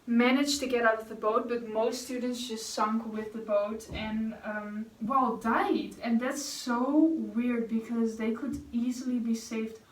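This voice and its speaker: Young woman, rambling and chatty, a bit high, roomy echo, heard from across the room. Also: recorded from a distance. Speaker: vlogger. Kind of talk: casual chat while painting. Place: room at home. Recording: echoey room, voice off-mic.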